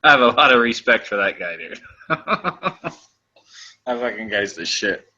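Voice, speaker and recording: A man's voice: mid-range voice, big pitch swings, unhurried, sharp tone, dull audio. A man in casual voice chat, joking crudely and padding his talk with "like.". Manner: crude, laughing banter full of "like".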